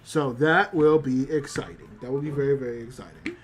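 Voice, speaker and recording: A man's voice: mid-range voice, fairly quick. A man casually recapping an anime on a livestream, acting out the characters' lines with lots of fillers. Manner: animated retelling, acts out quoted lines; many fillers, excited. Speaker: streamer.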